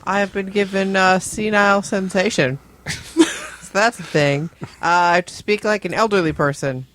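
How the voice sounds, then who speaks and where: A woman's voice: medium pitch, fairly even intonation, moderate pace, fairly bright tone, slight background noise. A woman co-hosting a party game podcast in playful, casual chat. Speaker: podcast co-host.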